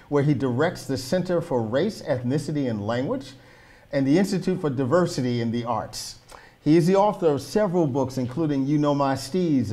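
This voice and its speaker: A man's voice: mid-range voice, a little mellow. A man hosting an academic talk show, chatting conversationally with frequent "you know" and "right". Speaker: host.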